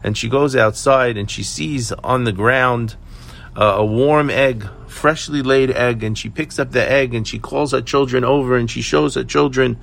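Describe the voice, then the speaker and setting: A man's voice: medium pitch, fairly even intonation, normal speed, creaky, fairly bright tone. A man giving an earnest Torah teaching, asking questions and telling a story with hesitant fillers. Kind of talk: sermon with storytelling.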